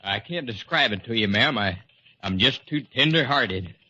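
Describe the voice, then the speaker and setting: A jealous brute. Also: male voice, mid-range voice, expressive, normal speed, bright, forceful tone, slightly rough, heavily acted. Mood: menacing. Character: jealous, hulking Southern man suitor. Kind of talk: 1940s radio acting. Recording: dull old radio broadcast.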